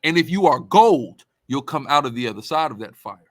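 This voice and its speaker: A man's voice: medium pitch, animated, a little fast, dry recording. A man giving preaching-style commentary as a religious teacher, emphatic and repetitive in a conversational way.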